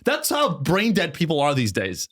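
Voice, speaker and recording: A man's voice: fairly high pitch, wildly swooping pitch, normal speed, fairly bright tone. A man hosting a comedy podcast, rambling and profane, often breaking into mocking impressions. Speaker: podcast host. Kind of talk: casual comedic podcast chat.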